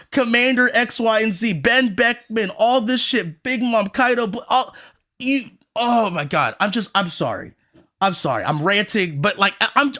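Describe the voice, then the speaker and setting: A man in a loose, heated podcast rant, his voice pitched high for a man and sharp in tone. He swears often, repeats lines for emphasis and slips into mocking imitations of the people he argues against. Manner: profane, animated, repeats himself, mocks others in quoted voices. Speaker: podcast host.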